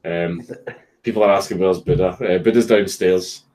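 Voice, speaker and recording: A man's voice: deep voice, fairly even intonation, normal speed, a little mellow, low-quality recording. A Scottish man casually chatting on a home live stream, reading viewer messages, swearing and joking while a puppy distracts him.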